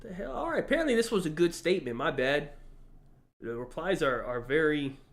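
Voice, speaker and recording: A man's voice: a little high, lively intonation, a little fast. Blunt, cursing male streamer. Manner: blunt, profane, incredulous. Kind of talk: casual stream commentary.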